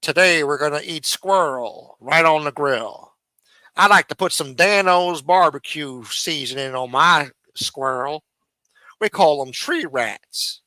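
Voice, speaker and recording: A slow, folksy backwoods cook showing off his grill recipes, as a man puts him on. The voice sits fairly high and bright, with a homespun drawl. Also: lively intonation, dry recording, exaggerated voice, rough recording. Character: folksy Southern backwoods cooking-show man.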